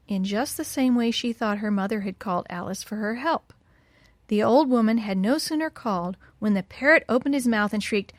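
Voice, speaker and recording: A woman narrating a children's story in an expressive, lilting read-aloud style. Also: medium pitch, moderate pace, dry recording.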